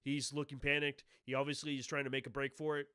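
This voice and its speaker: A man narrating a tabletop game as game master, talking in a halting way with many restarts. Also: mid-range voice, flat delivery, pushed and bright, smooth, dry recording, studio quality. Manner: halting, full of fillers and restarts.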